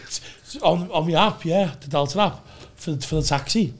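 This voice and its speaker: A man's voice: a little high, moderate pace, slight background noise. A man with a Scouse accent, telling long rambling stories in casual chat with lots of swearing and restarts. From Liverpool, England. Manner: rambling storytelling, heavy swearing, many restarts. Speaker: podcast guest.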